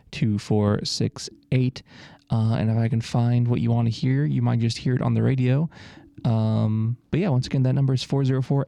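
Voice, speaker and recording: Male radio DJ, mellow dark tone, casual hesitant delivery with fillers, dry studio sound. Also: mid-range voice, gravelly, no room sound. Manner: laid-back, hesitant with fillers, repeats numbers slowly.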